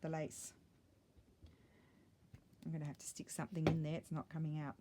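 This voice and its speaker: A woman's voice: sits low, monotone, normal speed, very noisy. A middle-aged woman chatting casually while she crafts, thinking aloud and muttering little asides to herself. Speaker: craft vlogger.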